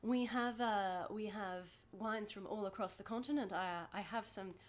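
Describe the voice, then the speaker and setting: A breezy young half-elf wine seller, put on by a woman running the game, who gossips freely and drops candid asides. Her voice sits at a middling pitch. It is a tabletop role-play voice. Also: normal speed, close to an everyday voice. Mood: eager. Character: young stylish female half-elf wine merchant, chatty.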